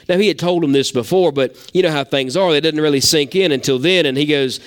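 Preacher, middle-aged man, slightly high and smooth, folksy sermon delivery. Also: fast, hardly any pauses. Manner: folksy storytelling, animated preaching. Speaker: pastor.

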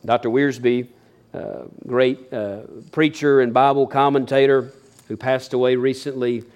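A man's voice: mid-range voice, steady tone, unhurried, darkish tone, lo-fi sound. A man preaching a sermon as a pastor, folksy and earnest, building emphasis as he goes.

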